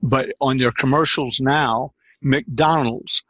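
Older male sales coach, husky, leans hard on key words; dry close sound. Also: medium pitch, steady tone, fairly bright tone, no room sound. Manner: emphatic, repeats key phrases, drawn-out stresses. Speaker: sales trainer and script consultant. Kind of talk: conversational interview storytelling.

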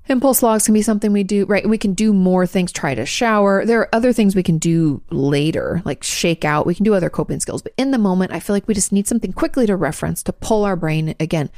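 A woman hosting a show, answering listener questions in a fast, chatty, frank advice talk and swearing now and then. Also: on the low side, darkish tone, no echo, studio quality.

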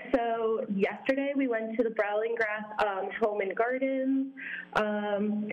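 A young woman from Vermont chats as a guest over a slightly dull, lo-fi line. Her pitch sits in the middle of the range. She sounds cheerful and drops in plenty of ums as she answers. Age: young adult. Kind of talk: casual interview.

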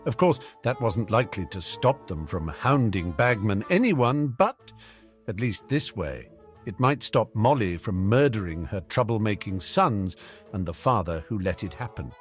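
Brief: male audiobook narrator, low-pitched and animated, soft music underneath. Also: measured pace. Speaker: audiobook reader. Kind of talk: fan fiction audiobook narration.

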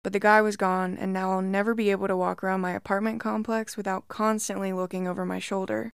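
A woman narrating creepy reddit stories in a steady, measured first-person reading. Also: medium pitch, gravelly, clean tone, no echo, studio quality. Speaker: story narrator.

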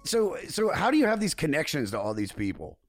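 A man hosting a podcast, reading off plugs and chatting casually in a brisk, offhand way. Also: on the high side, huge pitch swings, dry recording, soft background music. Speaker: podcast host.

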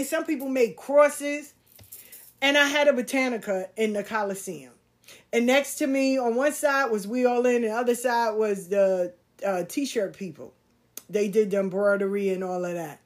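A middle-aged woman telling a personal story, candid and animated, swearing casually and using slang. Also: on the high side. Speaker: podcast host.

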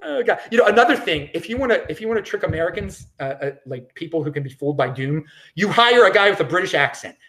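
Male solo podcast host, opinionated and rambling, lively swooping pitch. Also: quick pace. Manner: opinionated, rambling, frequent restarts.

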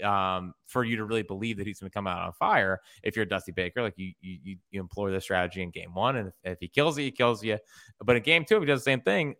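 A man with a bright, forceful voice at an ordinary pitch, hosting sports radio. He works through his baseball takes in a rambling way, restarting his sentences as he goes. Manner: analytical, rambling with restarts, laughs easily. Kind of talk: casual sports chat.

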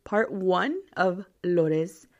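A woman's voice: on the low side, very slow, darkish tone, dull audio. A woman in her thirties with a Midwestern American accent, hosting a podcast in casual chat and laughing often. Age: 30s. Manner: chatty, laughs often, mixes Spanish phrases. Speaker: podcast host.

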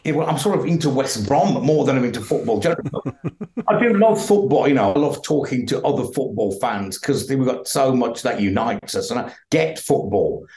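A middle-aged man tells stories in a casual podcast chat and laughs often along the way. His pitch sits in the middle, and the recording carries a roomy echo. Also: animated, a little fast, a little mellow. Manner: chatty, laughs while telling stories. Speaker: podcast guest, broadcaster.

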